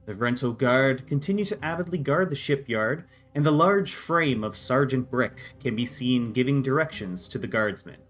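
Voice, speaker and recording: A man serving as game master, narrating scenes in a steady, descriptive way. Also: mid-range voice, normal speed, few pauses.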